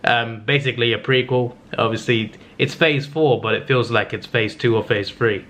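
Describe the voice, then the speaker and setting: A man's voice: mid-range voice, steady tone, normal speed, a bit bright. A man in his twenties chatting casually in a vlog, rambling and hesitant with frequent restarts. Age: 20s. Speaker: vlogger. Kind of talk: casual vlog talk and review.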